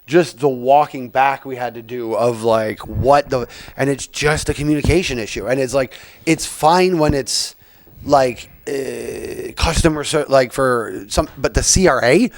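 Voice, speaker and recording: A man's voice: mid-range voice, measured pace, no room sound. Podcast host, man, rambling profane rant, dry close sound. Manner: rambling, profane, frequent fillers. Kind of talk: casual rant.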